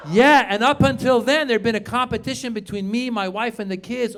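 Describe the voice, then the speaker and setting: A middle-aged man from Iran doing an animated stand-up set on a club stage, acting out shouted quotes as he tells stories. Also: very high-pitched, fairly quick. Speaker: stand-up comedian. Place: comedy club stage with live audience.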